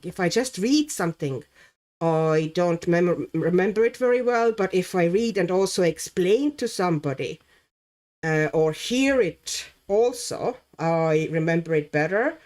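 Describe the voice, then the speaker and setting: Slow, chatty woman colouring on stream. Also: on the low side, darkish tone. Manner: chatty, laughs often, reads chat names aloud; muses aloud while working. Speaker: livestream host. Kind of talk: casual chat while colouring.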